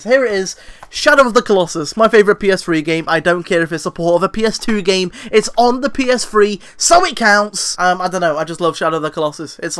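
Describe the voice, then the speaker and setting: A man's voice: sits high, fairly bright tone, clean tone. A young British man answering viewer questions to camera in a casual, rambling, self-deprecating way, full of "like". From Britain. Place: room at home, lit by daylight.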